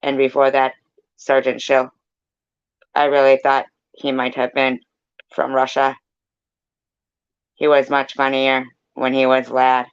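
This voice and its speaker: A man's voice: medium pitch, monotone, takes it slowly, pauses often, smooth, lo-fi sound. A man hosting a casual live chat room, rambling and blunt, swearing now and then.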